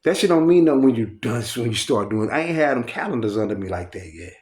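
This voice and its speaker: A man's voice: medium pitch, quick pace. A man telling a long, rambling, profanity-heavy story in a casual spoken style, acting out what others said along the way. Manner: profane, rambling, animated retelling.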